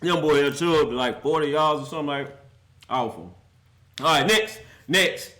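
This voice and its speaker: A man's voice: fairly high pitch, moderate pace, fairly bright tone. A man hosting a casual football rant, laughing often and mocking the teams in a loose, slangy way. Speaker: football commentary vlogger.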